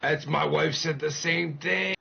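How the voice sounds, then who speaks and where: A man's voice: fairly high pitch, gravelly. A man chatting casually on a game stream, swearing freely and jumping between jokes and asides. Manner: animated, swearing, quick asides and laughs. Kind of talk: casual gaming-stream chat. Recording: muffled lo-fi stream audio.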